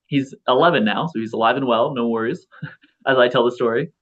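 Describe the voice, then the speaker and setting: He speaks fairly quickly in a mid-range, slightly bright voice, a thirtysomething philosopher guesting on a casual interview. The talk wanders, full of restarts and fillers, and the recording is a little dull and lo-fi.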